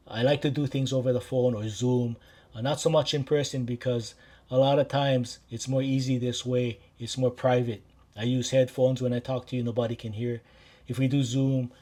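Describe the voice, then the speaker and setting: A man from Maui with a Hawaiian Pidgin-tinged accent, a life coach talking casually and directly to his listeners. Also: mid-range voice. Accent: Hawaiian Pidgin-tinged English. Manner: warm, repetitive, addresses listeners directly. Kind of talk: casual direct-to-camera talk.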